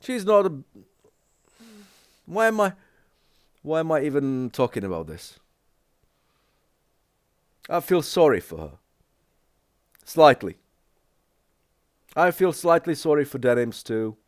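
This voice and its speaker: A man with English as a second language, sick, giving halting casual reaction commentary and often asking "yeah?". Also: fairly high pitch, big pitch swings, no echo, clean studio sound. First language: not English. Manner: halting, repeats words, asks "yeah?" often. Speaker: reaction video creator.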